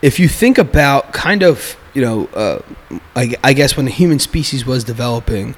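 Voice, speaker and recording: A man in casual conversation, talking in an animated way, restarting his sentences and acting out what other people say. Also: medium pitch, normal speed, slight background noise. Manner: animated, restarts often, acts out quoted speech.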